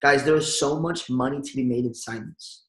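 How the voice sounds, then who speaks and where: A man giving an energetic sales training talk and acting out phone calls as he coaches his audience. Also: mid-range voice, moderate pace, echoey room, low-quality recording. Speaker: network marketing trainer.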